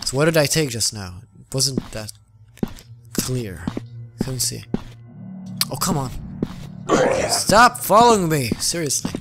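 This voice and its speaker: A young man commentates a horror game in a slow, unhurried way, his voice leaping up and down as he yelps and swears at the scares. Game music plays loudly under him. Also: medium pitch, sing-song. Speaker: gaming channel host. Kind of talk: let's play commentary.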